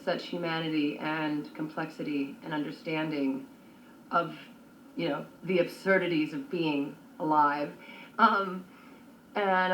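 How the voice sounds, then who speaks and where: A woman talking about a colleague in an interview, in a measured, earnest way. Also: lowish voice, a bit bright, slight background noise. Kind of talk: casual interview talk. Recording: roomy room recording.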